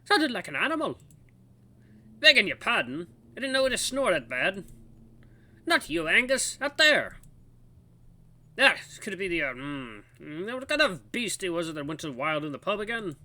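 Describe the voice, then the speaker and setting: A man's voice: high voice, moderate pace, long pauses, pitched above the performer's own voice, exaggerated voice. A man voicing cranky old male night watchmen in a game, bickering in a folksy old-timer dialect. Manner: squabbling, excitable.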